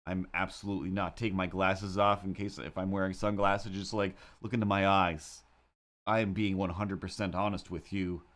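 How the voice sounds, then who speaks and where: A man's voice: low voice, flat delivery, moderate pace, a bit bright. A man streaming live, telling a story in a casual, rambling and wry way with self-mocking asides. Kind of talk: casual chat while drawing on a livestream.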